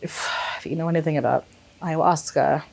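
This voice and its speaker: Speaking fairly quickly in a low, gravelly voice, a young female vlogger recounts something from her own life. She's casual and lively, swears without hesitation, and acts out what people said.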